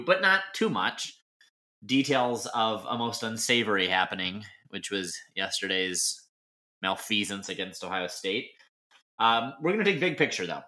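A man's voice: fairly low pitch, pushed and bright. A young man co-hosting a sports podcast, giving a wry, mock-formal rundown. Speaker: podcast co-host. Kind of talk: casual sports podcast chat.

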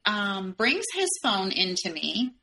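A woman's voice: medium pitch, very animated, slow pace, vocal fry, bright, forceful tone, poor audio. A woman, a podcast guest, telling a personal story step by step in the present tense.

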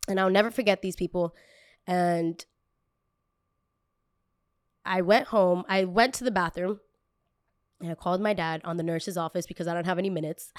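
A woman's voice: mid-range voice, clear, resonant tone, no echo, studio quality. A young woman content creator candidly telling a personal story, emotional and full of casual fillers.

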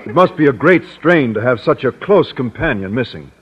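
An actor playing a bashful, formal schoolteacher in a 1940s radio sitcom, talking stiffly and stammering when flustered. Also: male voice, medium pitch, lively intonation, moderate pace, husky. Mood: earnest. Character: bashful, stuffy male science teacher. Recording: dull old radio broadcast, audience laughter.

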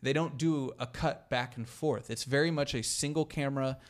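A man in relaxed conversation who gets carried away explaining something he loves. He stumbles over repeated words, circles back to his point and swears now and then for emphasis. His pitch sits at an ordinary middle level. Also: normal speed. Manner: enthusiastic, swears for emphasis, many restarts. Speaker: podcast guest discussing films. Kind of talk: casual chat.

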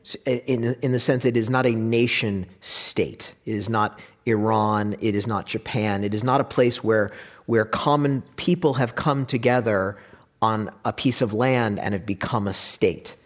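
A man talking in a casual discussion, animated and wry, who sometimes slips into mock voices to make a point. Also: fairly low pitch, a little slow.

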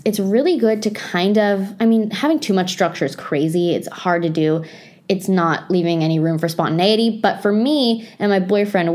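A woman's voice: medium pitch, a little mellow. A young woman talking casually to her viewers and giving lifestyle advice. She speaks chattily, with many "like" fillers. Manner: chatty, lots of "like" fillers, self-aware. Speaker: lifestyle vlogger. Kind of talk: casual advice talk to camera.

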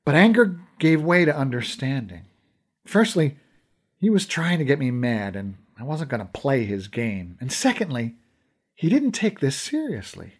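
A man's voice: medium pitch, sing-song, moderate pace, breathy edge. A man giving heartfelt, emotional first-person story narration.

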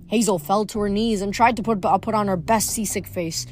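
A woman reading a novel aloud, expressive, with small slips now and then. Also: medium pitch, fairly quick, few pauses, faint music behind. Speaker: audiobook reader.

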